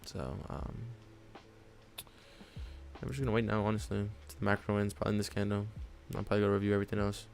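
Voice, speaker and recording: A man with a low, gravelly voice chats through his live trading session from his desk at home. He rambles and thinks aloud in a loose, casual way, with faint music playing behind him. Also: monotone, quick pace, pauses often, darkish tone. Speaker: day-trading live streamer. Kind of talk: casual live-stream commentary.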